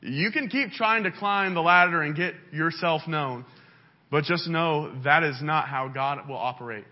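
A male pastor delivering a sermon in a church, with an impassioned delivery that swings up and down in pitch. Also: unhurried. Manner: impassioned, pitch rising and falling widely. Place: church sanctuary. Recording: dull lo-fi sound.

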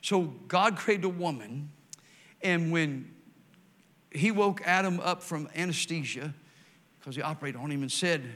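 An older man delivers a folksy sermon full of stories. His voice is bright and slightly high, and he moves between loud emphatic declarations and quiet, slow passages. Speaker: preacher.

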